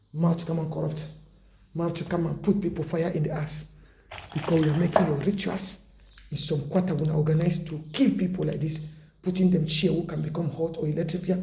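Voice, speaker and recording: High, gravelly man preaching. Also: warm tone, reverberant. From Africa. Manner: impassioned, rambling, broken English. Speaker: self-styled preacher. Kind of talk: rambling exhortation. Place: indoors at home.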